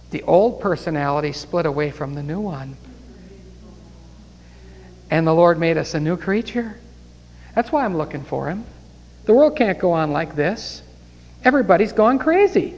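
A man's voice: a little high, animated, unhurried, pauses often, a little mellow. Fervent male preacher, in a reverberant hall. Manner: fervent, rising to exclamations of praise. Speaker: preacher leading a Bible study. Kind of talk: sermon and closing prayer.

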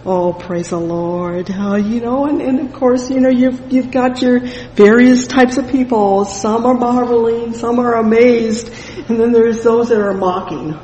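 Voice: medium pitch, a little slow, dark tone, slight background noise. A preacher delivering a fervent sermon, reading scripture and often exclaiming praise between loose, conversational asides. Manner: fervent, punctuated with "praise the Lord"; frequent "you know" fillers and restarts. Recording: echoey hall with long reverb.

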